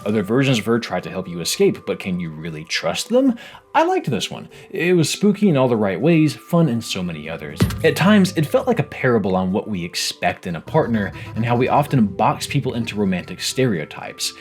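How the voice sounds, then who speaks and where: Lively low-voiced man reviewing games. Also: fairly quick, faint music behind. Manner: animated, wry and self-mocking. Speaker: game video creator. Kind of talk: scripted game review narration.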